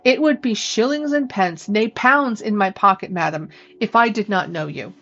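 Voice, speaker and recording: Woman doing a testy old-fashioned gentleman. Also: mid-range voice, normal speed. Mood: exasperated. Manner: stiffly polite, sarcastic. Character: brave, exasperated gentleman, master of the hall. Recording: dry, dull lo-fi recording.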